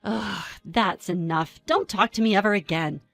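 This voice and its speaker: A woman's voice: mid-range voice, normal speed, vocal fry, fairly bright tone. A woman voicing a snide, bossy mom who mocks others in a sing-song tone. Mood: dismissive. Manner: mocking, smirking sing-song.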